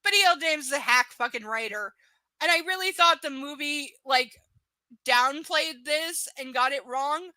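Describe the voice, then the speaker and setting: Woman, high-pitched, sharp bright tone, dry close sound, live book reading, sarcastic, profane, exasperated commentary. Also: a little slow, no room sound. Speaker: host reading a novel aloud on a livestream.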